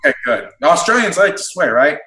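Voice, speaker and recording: Blunt, plain-spoken football coach, roomy sound. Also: male voice, a little high, sing-song, fast talker, pushed and bright. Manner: blunt, swears freely, explains plays in detail. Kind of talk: casual podcast chat. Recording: roomy echo.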